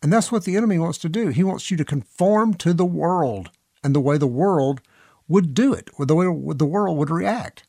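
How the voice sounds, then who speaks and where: A man's voice: on the high side, animated, normal speed, a little mellow, no echo, clean studio sound. A man preaching a podcast sermon in an earnest, emphatic way, often stopping to read scripture aloud.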